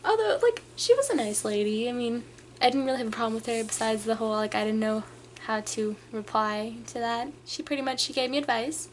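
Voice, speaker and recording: A young woman telling a casual storytime rant to her camera, animated and full of filler words. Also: fairly high pitch, a little fast, a little hiss or hum. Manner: animated, filler-heavy, many "like"s, acts out customers. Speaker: vlogger.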